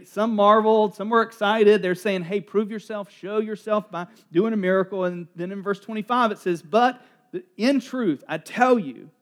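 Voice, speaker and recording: A middle-aged man preaching a sermon as pastor, animated and joking as he acts out the voices of townspeople. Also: high voice.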